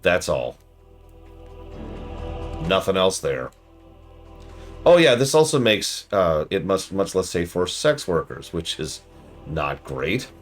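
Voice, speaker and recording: A man giving casual live-stream commentary, sarcastic and ranting. His voice is low but swings widely in pitch. Faint music plays underneath. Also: very animated, takes it slowly, pauses often. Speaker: streamer reviewing a game.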